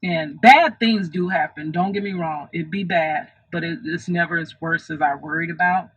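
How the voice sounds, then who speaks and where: Husky woman telling a personal story. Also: on the low side, normal speed, fairly bright tone, muffled recording. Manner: earnest, reflective retelling with many restarts. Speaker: storytime vlogger.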